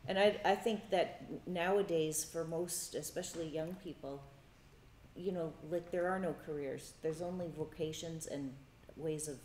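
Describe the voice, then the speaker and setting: A woman speaking on a workshop panel, thoughtful and halting, with fillers. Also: sits low, darkish tone. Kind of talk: casual panel talk. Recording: echoey room with faint noise.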